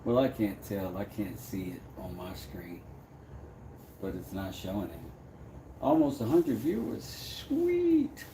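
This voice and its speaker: A man's voice: sits low, expressive, a little slow, echoey room, noisy background. A man, chatting casually with viewers on a livestream, reading their comments aloud and often trailing off into mumbles. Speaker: livestream host making mallets.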